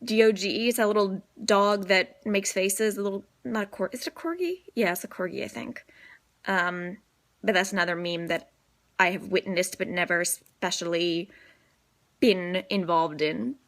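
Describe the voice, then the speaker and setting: A woman's voice: medium pitch, normal speed, a bit bright. Chatty young woman with a light Southern lilt. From New Orleans, Louisiana. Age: 20s. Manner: chatty, rambling, sleepy and self-deprecating. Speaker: vlogger. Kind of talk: casual accent-tag vlog. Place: in bed at home. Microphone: phone at arm's length.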